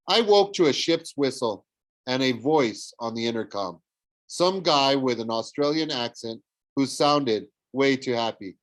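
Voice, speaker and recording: A man reading a novel aloud, animated, with frequent slips and self-corrections. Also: mid-range voice, a little slow, dry recording. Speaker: audiobook reader. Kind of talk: storybook read-aloud narration.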